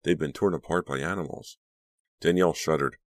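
A man narrating an audiobook in a measured storytelling manner. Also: extremely low pitch, no echo. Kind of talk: scripted narration.

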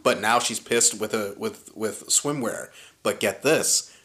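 A man in his thirties casually telling a story in a podcast chat, animated and swearing often, acting out what people said. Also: on the low side, a little slow. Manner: animated, profane, acts out quoted lines.

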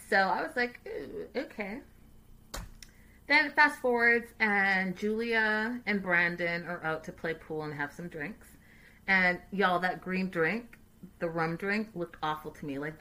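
A woman hosting a casual livestream recap, chatty, animated and sassy. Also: on the low side. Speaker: host.

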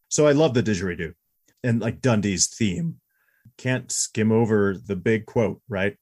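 Man, 40s, husky, podcast co-host, candid casual chat. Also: fairly low pitch, a little slow, a little mellow. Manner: chatty, candid, laughs easily. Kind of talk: casual movie review chat.

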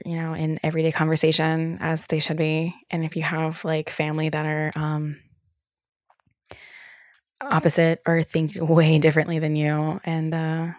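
A woman's voice: sits low, no room sound, studio quality. A young woman hosting a podcast alone, talking casually and candidly, full of "like" fillers and the odd swear word. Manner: loose, candid, filler-heavy talk with frequent "like" and swearing. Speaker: podcast host. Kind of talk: casual solo podcast chat.

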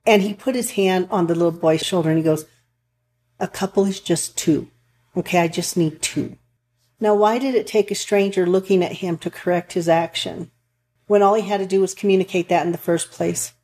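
Woman counselor, low mellow voice, earnest, rambling casual chat. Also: fairly quick. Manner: earnest, rambling with restarts and storytelling. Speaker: counselor for couples and families.

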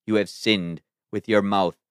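Low-voiced podcast guy reading old scripture slow and solemn, clean dry audio. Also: fairly even intonation, clean tone, no echo. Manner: measured, solemn read-aloud delivery. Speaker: podcast host. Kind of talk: scripted reading of an ancient text.

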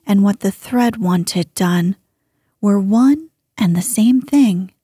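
Very breathy, slow woman storyteller. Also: medium pitch, expressive, warm tone, dry recording, clean studio sound. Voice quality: breathy whisper. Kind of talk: whispered storybook reading.

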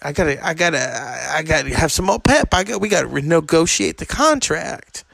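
A man putting on the voice of an aging male soul singer, with a high, strained, pleading drawl. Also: expressive, normal speed, vocal fry, a bit bright, no echo, exaggerated voice.

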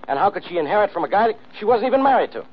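An actor playing a blustering, browbeating police inspector in 1940s radio acting style. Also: male voice, high-pitched, very animated, very fast, husky, heavily acted. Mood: scoffing. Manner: brusque, browbeating. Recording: dull old radio broadcast.

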